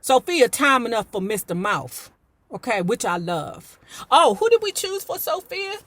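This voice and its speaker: A woman hosting a book club, reading a novel aloud and breaking off into animated, slangy, profane commentary. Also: a little high, a little slow, no echo. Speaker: YouTuber and book club host.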